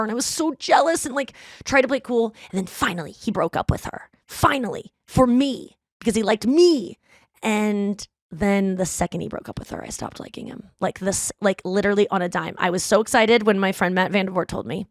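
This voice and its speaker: A woman in her thirties hosting a podcast, telling a story in casual chat, swearing freely and acting out the people she quotes with lively jumps in pitch. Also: no echo, studio quality. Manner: animated, profane, acts out quoted lines. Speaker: podcast host.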